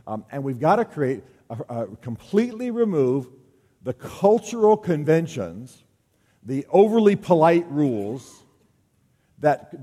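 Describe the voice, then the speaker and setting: Man, talk to a men's group, joking and conversational, mid-pitched, long hall echo. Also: dark tone, slightly rough. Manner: conversational, joking, acts out quoted voices. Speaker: speaker at a men's gathering.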